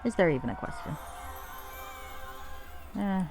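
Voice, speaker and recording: Woman streamer, lowish voice, dry sarcastic cursing, casual commentary. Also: animated, unhurried, music in the background. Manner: wry and profane. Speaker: game streamer.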